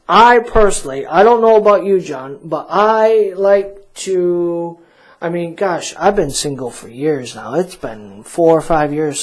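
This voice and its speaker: A man hosting a casual radio talk show, rambling and joking at his own expense, with lots of fillers. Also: a little high. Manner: rambling, self-mocking, full of fillers.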